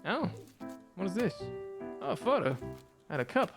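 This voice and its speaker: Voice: medium pitch, sing-song, moderate pace, vocal fry, over music. A streamer chatting and muttering casually while playing a video game. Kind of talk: casual gameplay commentary.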